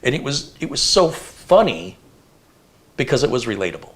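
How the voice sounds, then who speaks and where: A man's voice: medium pitch, moderate pace. Chatty middle-aged man rambling animatedly. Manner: animated, rambling storyteller with fillers. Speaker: host. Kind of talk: casual livestream chat.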